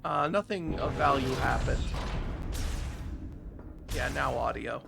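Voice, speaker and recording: A man's voice: mid-range voice, takes it slowly, gravelly, very noisy. A man casually chatting with viewers while streaming a game, sarcastic and easily exasperated. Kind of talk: casual gameplay livestream chat.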